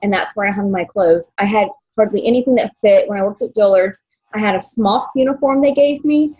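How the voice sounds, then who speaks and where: A young adult woman telling her life story as an interview guest, halting, with many fillers and restarts, at times emotional. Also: mid-range voice, darkish tone, slightly rough, rough recording. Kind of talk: personal story in podcast interview.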